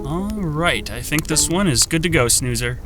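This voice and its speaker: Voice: medium pitch, animated, normal speed, natural voice. A performer voicing a patient inventor character in a children's show, steering the story and announcing plans upbeat. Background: loud background music.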